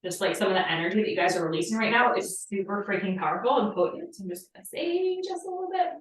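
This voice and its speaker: A woman in her thirties giving a loose, profane spiritual coaching talk, leaning on "like" constantly. Her voice sits at a middle pitch and sounds set back from the mic. A strongly echoing room surrounds her. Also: animated, fast talker, a little hiss or hum. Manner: casual, profane, filler-heavy with frequent "like". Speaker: podcast host and manifestation coach. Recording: echoey room, distant from the mic.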